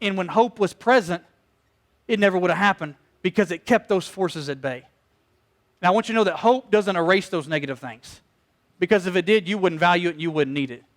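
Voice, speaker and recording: A middle-aged man preaches a sermon in a high voice. He tells stories with energy and acts out what other people said. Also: fairly quick. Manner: storytelling, animated, acts out quoted voices. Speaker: pastor.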